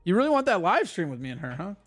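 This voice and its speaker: A man's voice: sits high, very animated, rapid-fire, soft background music. A man hosting a casual live stream, talking loosely and swearing as he reads and answers chat messages.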